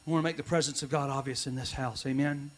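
A man's voice: mid-range voice, steady tone, quick pace. A man preaching a sermon to his congregation as pastor, calling for responses and slipping into humorous asides. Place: church sanctuary.

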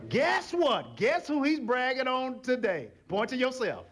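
In a very high-pitched, unhurried voice, a male pastor preaches in a church sanctuary. He is animated, acting out small scenes with voices and engaging the congregation in call-and-response.

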